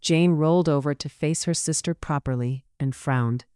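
An audiobook narrator reading a period romance in a measured storytelling manner. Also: medium pitch, warm tone, clear, resonant tone, dry recording, clean studio sound. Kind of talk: scripted narration.

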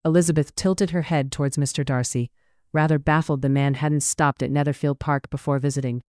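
Smooth, dry-sounding storybook narrator. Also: mid-range voice, fairly even intonation, brisk, a little mellow, no echo. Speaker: audiobook narrator.

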